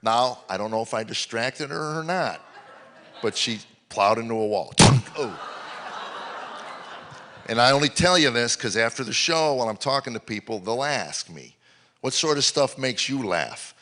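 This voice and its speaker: Bright-toned older man doing stand-up. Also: lively intonation, moderate pace. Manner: storytelling, rambling, swings from low mutters to loud exclamations. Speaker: stand-up comedian. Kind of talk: stand-up comedy set. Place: live comedy venue.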